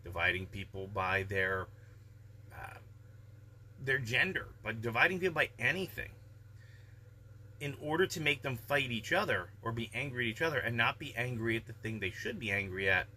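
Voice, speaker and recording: A man giving calm, measured, reflective life advice in a casual daily vlog monologue. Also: mid-range voice, a little hiss or hum.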